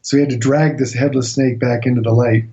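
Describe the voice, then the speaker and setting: A man recounting an expedition as a radio interview guest, telling it as a lively anecdote and acting out what people said. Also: medium pitch, brisk, muffled recording. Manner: animated anecdotal storytelling, acts out quotes.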